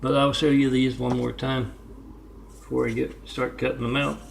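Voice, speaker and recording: A man's voice: mid-range voice, little pitch movement, moderate pace, creaky, slight background noise. A man talking casually on his art vlog, rambling between stories and repeatedly spelling out his web addresses. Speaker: artist vlogger.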